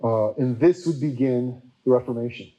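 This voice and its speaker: A man preacher giving a casual, chatty history talk, full of fillers and quickly acted-out quotes. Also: mid-range voice, dark tone, muffled recording.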